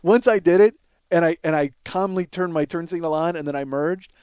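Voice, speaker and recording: A man's voice: on the high side, fairly quick, a little mellow, smooth, no echo. A man in his forties, a podcast host, telling a rambling, profane comic story and laughing at himself. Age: 40s. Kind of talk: comedic storytelling monologue.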